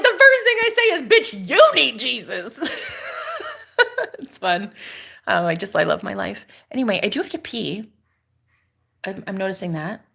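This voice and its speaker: Sassy lady streamer, bright voice that swoops all over, laughs a lot. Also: mid-range voice, vocal fry. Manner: sassy, laughing, talks back to viewers. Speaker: spiritual streamer. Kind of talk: casual live-stream chat.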